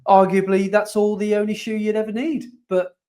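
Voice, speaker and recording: A man's voice: high voice, flat delivery, normal speed, darkish tone. A man co-hosting a running podcast, chatting casually and animatedly and laughing often. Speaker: podcast co-host. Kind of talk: casual chat.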